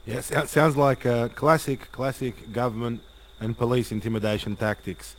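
A man's voice: medium pitch, fairly even intonation, normal speed, poor audio. A man hosting a casual interview and pushing his opinions emphatically. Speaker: host.

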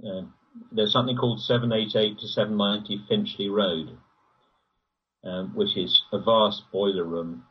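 A man with a very husky, breathy voice and a fairly low pitch, caught from a distance on a dull lo-fi recording. He talks in long rambling runs, his pitch leaping up whenever he presses a point. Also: moderate pace. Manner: rambling, animated, pitch jumps when emphatic. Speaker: guest. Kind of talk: conversational interview.

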